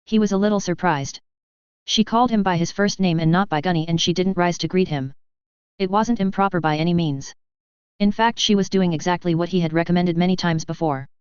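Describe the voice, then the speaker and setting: A woman narrating a science-fiction story in an even, steady reading voice. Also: on the low side, fairly quick, clean tone, dry recording. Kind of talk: audiobook reading of a sci-fi story. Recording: dull, muffled recording.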